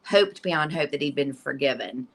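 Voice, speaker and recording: A middle-aged woman from Virginia, a guest in an interview, earnestly telling a personal story with lively restarts. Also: deep voice, normal speed, poor audio. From Virginia, USA.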